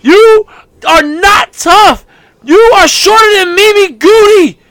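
A man co-hosting a casual podcast, ranting heatedly with bursts of shouting. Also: very high-pitched, slow pace, no echo. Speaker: podcast co-host.

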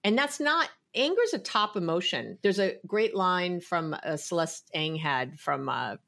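A woman giving relationship advice in an emphatic, animated way during a casual podcast chat. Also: fairly low pitch, unhurried, creaky. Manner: emphatic, animated, repeats herself. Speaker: guest advice giver.

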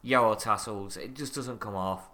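A man, chatting casually in sweary, animated banter and laughing readily. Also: fairly low pitch, normal speed. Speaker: co-host.

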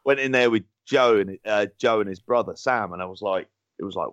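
A man's voice: on the low side, fast talker, few pauses, clean tone, dry recording, dull audio. A man, chatting as a podcast co-host, rambling and swearing through his banter. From London. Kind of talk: casual chat.

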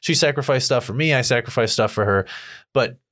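A man's voice: medium pitch, brisk, a bit bright. Profane joking man in casual chat. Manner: profane, acts out imagined dialogue, laughs often.

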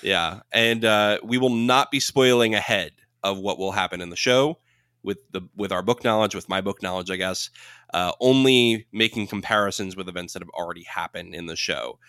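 Bright-voiced man co-hosting a podcast. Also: sits low, moderate pace, smooth, dry recording, clean studio sound. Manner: knowledgeable, explains and corrects details. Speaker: podcast co-host. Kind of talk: casual podcast chat.

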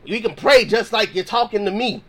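A man's voice: high-pitched, normal speed. A man hosting a Christian podcast, teaching in a slangy, conversational way and acting out sample prayers. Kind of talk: casual Bible teaching.

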